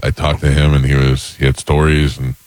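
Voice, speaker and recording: A man's voice: very deep voice, flat delivery, brisk, darkish tone, dry recording. A man hosting a radio show, running a call-in contest and chatting easily. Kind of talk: casual radio talk.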